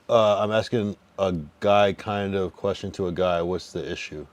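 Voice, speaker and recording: A man's voice: fairly low pitch, a little mellow. A young man livestreaming, casually reading his chat aloud and teasing viewers with slangy, swearing banter in a loose, rambling way. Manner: loose, rambling delivery with restarts and drawn-out counting.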